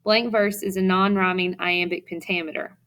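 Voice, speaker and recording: A woman's voice: on the low side, fairly even intonation, normal speed, a bit bright. A woman teacher giving a recorded classroom lecture, reading her notes aloud steadily with the odd filler.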